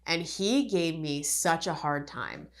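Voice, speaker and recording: A woman's voice: deep voice, sing-song, takes it slowly. A woman from Connecticut, a life coach, telling her own story in an earnest, candid podcast monologue. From Connecticut, USA. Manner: candid, earnest, acts out quoted dialogue.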